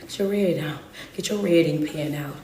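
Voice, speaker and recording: A woman's voice: low-pitched, normal speed, dark tone, slight background noise. A woman giving a live-streamed motivational talk, preaching in a call-and-response way and speaking straight to her viewers. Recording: echoey room.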